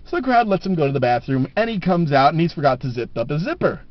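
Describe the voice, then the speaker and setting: A man's voice: on the high side, animated, quick pace, no echo. A man telling jokes casually to the camera, laughing at his own punchlines, on a dull lo-fi camera recording.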